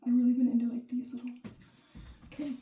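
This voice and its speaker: A mellow, warm-toned woman talking through a tarot reading in a loose, rambling way, often padding with "like" and "um". The room gives her voice a roomy echo, with a faint hiss behind it. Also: a little high, little pitch movement, fast, muffled recording. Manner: rambling, chatty, full of "like" and "um". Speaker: tarot reader. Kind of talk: casual tarot reading to camera.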